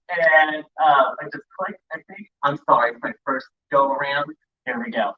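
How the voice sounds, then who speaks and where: A man's voice: on the high side, normal speed. A man emceeing a live convention, chatty and apologetic, stumbling over names as he calls out groups. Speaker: event emcee. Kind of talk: live event hosting. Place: large indoor convention hall. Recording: echoey hall, distant dull sound.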